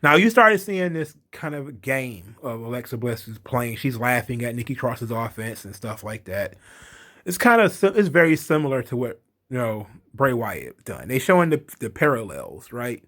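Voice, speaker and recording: A man's voice: mid-range voice, big pitch swings, moderate pace, a bit bright. A man hosting a casual wrestling recap, blunt and profane, ranting with his own opinions. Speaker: wrestling commentary host.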